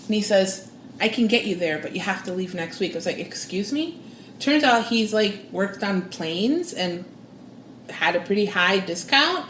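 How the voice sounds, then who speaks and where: A woman, guest on a podcast, telling a personal story with lively, expressive delivery and acting out the voices she quotes. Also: normal speed, echoey room, slight background noise. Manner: expressive, acts out quoted voices with big pitch jumps. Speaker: guest psychic and spiritual coach. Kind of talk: animated storytelling in interview.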